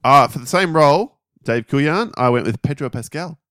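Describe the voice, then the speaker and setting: A man's voice: on the high side, animated, normal speed, a bit bright, no echo, studio quality. A man co-hosting a casual podcast chat, easygoing and matter-of-fact. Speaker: podcast co-host.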